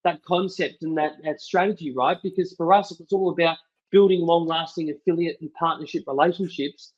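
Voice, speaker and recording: A man talks as a podcast guest, telling a business story in upbeat, casual speech full of fillers. His voice is fairly high for a man. The recording sounds dull and lo-fi. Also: steady tone, fairly quick, darkish tone. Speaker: podcast guest, company partnerships lead. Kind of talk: casual interview chat.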